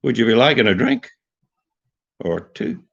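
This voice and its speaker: A cheery Irish fellow offering a drink, as an Australian man puts him on, his put-on brogue starting low and swooping high. The voice sits well above the man's own gravelly register. It comes through a dull, lo-fi recording. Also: huge pitch swings, measured pace, fairly bright tone, heavily acted. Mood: jovial. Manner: sing-song, rising inflection.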